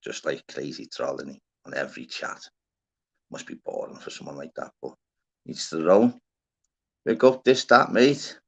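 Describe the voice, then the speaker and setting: A man hosting a live stream, chatting casually, shouting out viewers and swearing freely. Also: extremely low pitch, very animated, moderate pace, gravelly, breathy edge. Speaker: livestream host. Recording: dull lo-fi stream audio.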